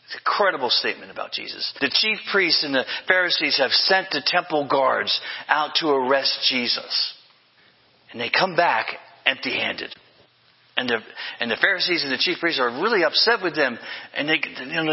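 Older male pastor, husky, echoing hall. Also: a little high, animated, normal speed, highs cut off. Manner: emphatic, with repeated refrains and self-corrections. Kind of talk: sermon.

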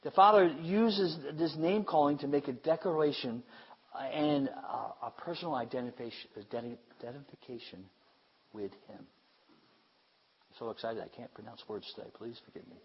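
A man preaches a sermon with emphasis, repeating phrases and swinging from loud declarations to hushed asides. His mid-range voice is slightly rough and moves at a moderate pace, and the audio sounds dull.

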